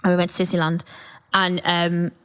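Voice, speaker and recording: A woman's voice: fairly low pitch, completely flat delivery, normal speed, fairly bright tone, clean tone. A woman, co-hosting a podcast and telling rambling, self-mocking stories with a lot of laughter. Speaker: podcast co-host. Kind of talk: casual comedic chat.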